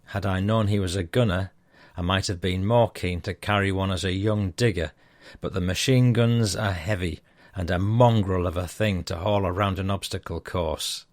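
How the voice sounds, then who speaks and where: A man's voice: deep voice, steady tone, moderate pace, dry recording, studio quality. A middle-aged man, hosting a podcast and reading listener messages aloud in an easygoing, self-deprecating way. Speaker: podcast host.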